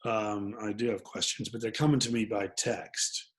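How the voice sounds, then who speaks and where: A man's voice: fairly low pitch, level tone, normal speed. A man hosting a live webinar, jokey and self-deprecating as he tells a closing story. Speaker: webinar host.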